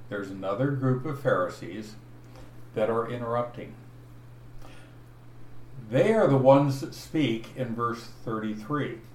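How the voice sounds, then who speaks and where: A man preaching an expository Bible sermon, teaching slowly and deliberately and stressing each verse he points to. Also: mid-range voice, a little mellow. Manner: slow, deliberate teaching with emphatic verse references. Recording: echoey room, voice from afar, faint noise.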